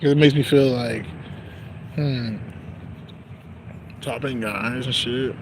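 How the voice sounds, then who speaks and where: A man's voice: mid-range voice, slow pace, slight background noise, poor audio. A young man talking in a casual, rambling monologue, slangy and profane, laughing often. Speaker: vlogger.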